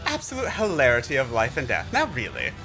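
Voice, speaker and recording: A man's voice: medium pitch, huge pitch swings, brisk, over music, low-quality recording. A man voicing a scornful male villain who taunts his foes. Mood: mocking. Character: mocking villainous male caster.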